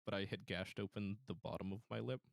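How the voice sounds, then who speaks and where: A young man telling a story in a casual podcast chat, halting with many fillers and restarts. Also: lowish voice, steady tone, creaky, dry recording, clean studio sound. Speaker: podcast guest.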